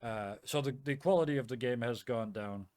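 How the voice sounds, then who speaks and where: A man running a tabletop game as game master, rambling through scene-setting with fillers and easy laughs. His pitch sits mid-range and the sound is dry and close, with no room around it. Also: a little fast, darkish tone, no room sound. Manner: chatty, laughs often, lots of fillers.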